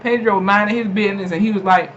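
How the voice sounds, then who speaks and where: A young adult YouTuber chattily recapping a TV episode, animated and laughing often, with lots of fillers. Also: mid-range voice, quick pace. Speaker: TV episode reviewer. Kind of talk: casual spoken episode recap. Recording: dull lo-fi home recording with faint noise.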